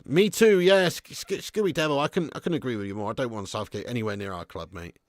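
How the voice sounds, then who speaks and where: Laddish streamer, dry close mic. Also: male voice, medium pitch, quick pace, dry recording. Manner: laddish banter, swears freely, calls viewers mate. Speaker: live stream host. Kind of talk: casual live-stream chat reading viewer comments. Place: home garage studio.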